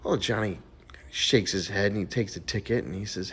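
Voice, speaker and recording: A man's voice: fairly low pitch, moderate pace, fairly bright tone, husky. A man telling jokes in a casual, chatty way and laughing at his own punchlines. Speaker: joke teller.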